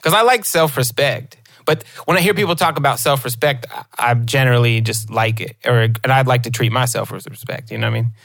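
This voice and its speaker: Fast-talking man, thinking aloud. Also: medium pitch, vocal fry, a bit bright, dry recording, clean studio sound. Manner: rambling, thinks aloud, many fillers. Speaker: podcast guest. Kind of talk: casual podcast chat.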